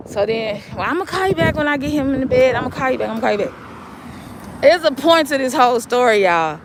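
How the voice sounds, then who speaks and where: A woman vlogging outdoors on a city street while waiting for a bus, telling a story in an animated, emphatic, colloquial way. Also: high-pitched, background noise. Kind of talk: casual storytelling vlog.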